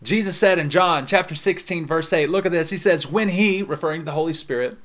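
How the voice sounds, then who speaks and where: A man preaching a sermon in a fairly high voice. He leans hard into some words and lets others drop quiet and slow. He keeps turning back to the listener. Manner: dynamic preaching, swings between loud emphasis and soft drawn-out words. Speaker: pastor.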